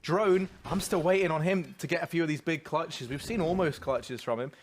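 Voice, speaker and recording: A man doing colour commentary on a video game match, chatty and informal, bursting into excitement on big plays. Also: fairly high pitch, normal speed, a little hiss or hum. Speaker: esports caster.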